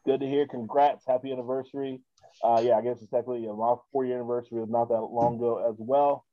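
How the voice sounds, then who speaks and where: A man's voice: medium pitch, level tone, quick pace, dry recording, narrow, tinny audio. A man hosting a casual podcast, rambling with many fillers and restarts. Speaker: podcast host.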